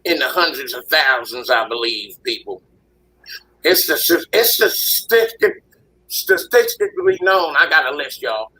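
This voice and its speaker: A man on a discussion panel with a hoarse, husky voice from a recent illness, ranting heatedly and swearing a lot. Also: on the high side, expressive, a little slow, pushed and bright, slight background noise, rough recording.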